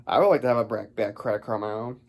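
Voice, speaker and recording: A man's voice: fairly low pitch, very fast, a little mellow. A man giving a casual film review, rambling and stumbling over his words.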